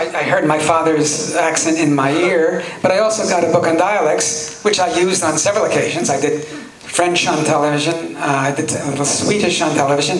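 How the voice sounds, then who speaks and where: Convention guest, male, slightly high voice, wry dry storyteller; roomy hall, crowd laughing behind. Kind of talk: anecdotal audience Q&A. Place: large convention hall with live audience. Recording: echoey hall, audience laughter.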